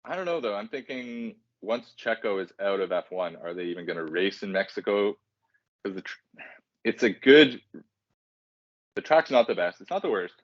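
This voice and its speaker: Very low-voiced man rambling casually. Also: expressive, moderate pace, no room sound. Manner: rambling, self-deprecating, casual filler-heavy. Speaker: podcast co-host. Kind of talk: casual podcast chat. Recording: dry, dull lo-fi sound.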